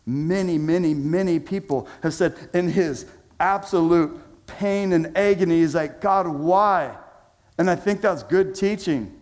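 Male pastor, slightly higher voice, laid-back slangy sermon delivery with big dynamic swings. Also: a little slow. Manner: casual, conversational preaching with slang; dramatic swings between loud emphasis and hushed low phrases.

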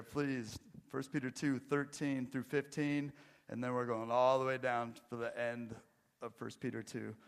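A middle-aged male pastor delivers a sermon in a church. He mixes self-deprecating jokes with quieter, earnest emphasis, in a voice of middle pitch.

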